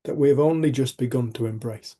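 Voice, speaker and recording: Hosting a community group, this middle-aged man speaks at a medium pitch, fairly quickly, with a mellow, slightly rough voice. His personal stories come out frank and rambling, full of restarted sentences and casual swearing, in a reflective storytelling mode.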